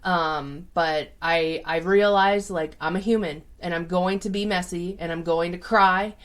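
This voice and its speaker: A woman's voice: on the low side, fairly even intonation, a little slow, clean tone. Chatty woman telling a personal story. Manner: chatty, many fillers like "like" and "um". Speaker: psychic and tarot reader.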